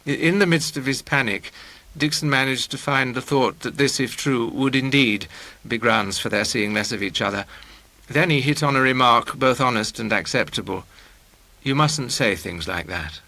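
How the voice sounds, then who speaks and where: A man narrating a novel in a measured, wry storytelling manner. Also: medium pitch, pushed and bright, dry recording, rough recording. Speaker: audiobook narrator.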